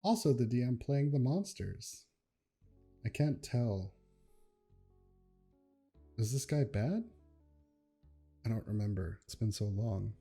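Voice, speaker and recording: Young guy reacting to memes at his desk, chill and chatty, mellow voice. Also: medium pitch, lively intonation, slow pace, vocal fry, pauses often, husky, soft background music. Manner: laid-back, laughs often, chatty asides. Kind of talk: casual reaction commentary.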